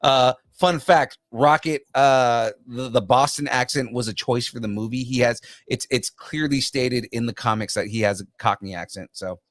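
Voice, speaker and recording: A man co-hosting a pop culture podcast, rambling and halting with lots of fillers. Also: medium pitch. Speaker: podcast co-host. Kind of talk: casual pop culture chat.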